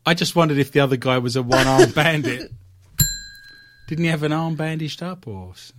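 A British man hosting a podcast, chatting through odd news stories with jokes, puns and quick asides. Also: on the high side. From Britain. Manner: jokey, punning, quick asides. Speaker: podcast host. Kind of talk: comedic news chat.

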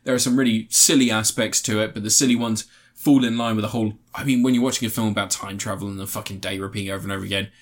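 A man's voice: fairly low pitch, very fast, hardly any pauses. A man in casual podcast chat, reviewing a film with lots of laughter and swearing. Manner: animated, laughs often, swears freely. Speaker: podcast co-host reviewing films.

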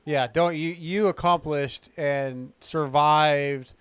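A man in his forties hosts a casual interview, his voice somewhat high and smooth, recorded dry and close. He talks haltingly and encouragingly, restarting phrases as he hunts for the right word. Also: fairly even intonation, no echo. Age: 40s. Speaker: podcast host.

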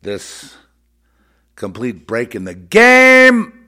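A man's voice: sits low, unhurried, vocal fry, a bit bright. A man giving an unscripted spiritual monologue in a blunt, repetitive way with scornful asides.

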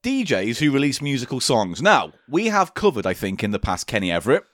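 Male co-host, sardonic, lively swooping delivery, dry close mic. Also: mid-range voice, brisk, no echo. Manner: sardonic, animated storytelling. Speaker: podcast co-host. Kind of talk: casual chat.

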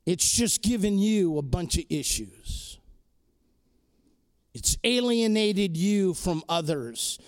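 Male preacher, high voice, slow deliberate exhortation, earnest sermon delivery. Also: expressive. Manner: earnest, exhorting, repeats key phrases. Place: crowded hall or chapel.

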